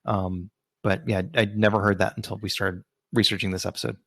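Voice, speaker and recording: Gravelly low-voiced podcast man. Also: steady tone, fairly quick, fairly bright tone, no echo. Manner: hesitant, many fillers and restarts while explaining. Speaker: podcast co-host. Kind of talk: casual chat.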